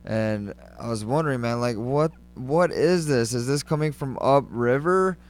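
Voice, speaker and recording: A man's voice: mid-range voice, a little slow. A man hosting a casual interview, rambling with lots of "like" and fillers.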